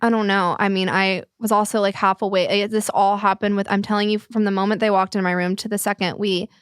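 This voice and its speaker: A young woman telling a painful personal story on a podcast, halting and full of fillers, close to tears. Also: medium pitch, level tone, clear, resonant tone, no echo. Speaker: guest telling her life story. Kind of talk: podcast conversation.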